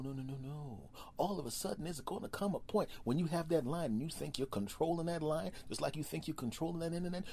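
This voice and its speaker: A man hosting a solo comedy podcast, riffing in an animated, repetitive way. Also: fairly high pitch, a little hiss or hum. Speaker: podcast host.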